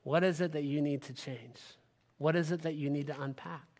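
A man preaching a sermon as pastor, swinging between loud emphatic lines and hushed ones. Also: fairly high pitch, steady tone, a little fast. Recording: live sermon in a reverberant hall.

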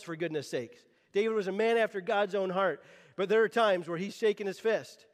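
Stammering high-voiced male pastor preaching. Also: big-room sound. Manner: earnest, animated, frequent stammered restarts. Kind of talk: sermon.

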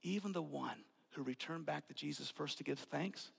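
A man preaching a sermon, swinging from hushed whispers to loud outbursts. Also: fairly high pitch, normal speed, creaky, hardly any pauses, breathy edge. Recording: long hall reverb.

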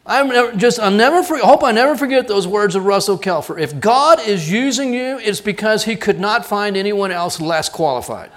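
Middle-aged male pastor, higher-pitched voice, lively storytelling sermon with acted-out lines. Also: normal speed, hardly any pauses. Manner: animated storytelling, acting out dialogue.

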